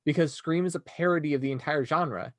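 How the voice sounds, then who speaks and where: A man co-hosting a casual podcast, blunt and animated, with restarts. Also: fairly high pitch, a little fast, no echo. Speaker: podcast co-host. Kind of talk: casual chat.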